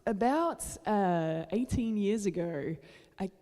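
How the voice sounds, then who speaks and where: An Australian woman speaks to a concert crowd in a big church, her words taking their time. Her voice is soft and mellow, loose with fillers and little asides. A long hall reverb and faint music sit behind her. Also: medium pitch, lively intonation, slow. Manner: chatty, self-deprecating, many fillers. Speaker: singer-songwriter. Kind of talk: concert stage banter. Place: large church.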